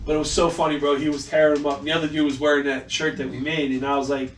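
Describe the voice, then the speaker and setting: A man with a slightly high voice talks very fast with little pitch movement while co-hosting a casual podcast. He tells stories animatedly, acts out quotes, and swears freely. Expect an echoey room, a distant mic, and faint hiss.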